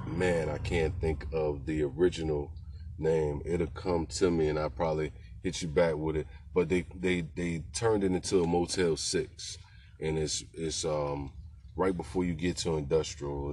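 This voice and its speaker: Low-voiced guy telling a story, slangy and laid-back, keeps going "you know what i'm saying". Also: steady tone, moderate pace, a little mellow, a little hiss or hum. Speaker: podcast host telling rideshare stories. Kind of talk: casual storytelling.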